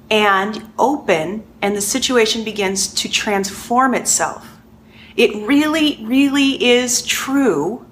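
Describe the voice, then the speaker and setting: A middle-aged woman giving a conversational coaching lesson, animated and repeating points for emphasis. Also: on the high side, a little hiss or hum. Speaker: life coach.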